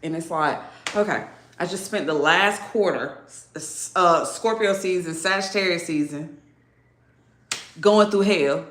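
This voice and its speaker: A woman giving a casual zodiac reading, chatty and animated, laughing often. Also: lowish voice, unhurried, echoey room, slight background noise. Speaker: tarot reader.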